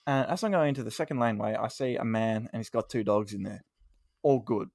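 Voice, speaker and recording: A man co-hosts a comedy podcast and tells a story with lively asides, acting out what people said. His voice sits at a middling pitch. The sound is dry and close. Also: brisk, gravelly, dry recording. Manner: animated storyteller, acts out quoted lines. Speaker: podcast co-host.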